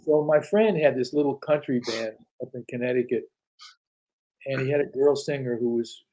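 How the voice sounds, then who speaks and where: Older man with a husky voice. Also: mid-range voice, normal speed, dark tone, rough recording. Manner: anecdotal, acts out quoted dialogue, frequent restarts. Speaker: guest. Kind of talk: casual storytelling interview.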